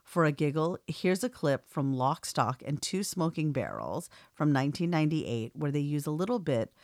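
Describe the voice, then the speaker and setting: A woman co-hosting a podcast who reads listener emails aloud in a plain, steady way and laughs often. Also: low-pitched, normal speed, no echo, clean studio sound. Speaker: podcast co-host.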